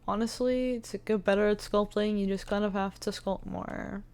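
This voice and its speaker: A woman's voice: medium pitch, fairly even intonation, normal speed, a little mellow, clear, resonant tone. A woman giving a casual screen-recorded tutorial, chatty and thinking aloud with many fillers, with the hiccups. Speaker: 3D modeling tutor.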